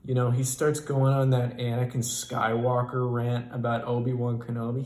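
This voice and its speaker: Male comedian, stand-up storytelling; profane, animated, exasperated, in a roomy echoey space. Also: mid-range voice, moderate pace.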